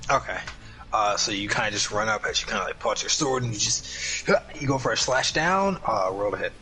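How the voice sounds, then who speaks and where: A man's voice: on the low side, animated, a little fast, sharp tone, a little hiss or hum, low-quality recording. A young man casually narrating as dungeon master over a voice call, laughing often. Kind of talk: casual tabletop game narration.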